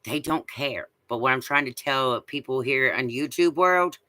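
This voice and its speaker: A man's voice: mid-range voice, moderate pace, bright, forceful tone, no echo. A man ranting in a casual monologue, blunt and profane, who keeps pressing the listener with rhetorical questions. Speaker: vlogger.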